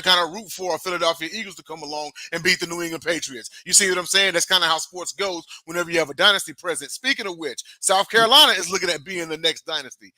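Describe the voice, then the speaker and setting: A man's voice: sits high, pushed and bright, dry recording. A man co-hosting a sports talk show, agreeable and rambling, with lots of fillers.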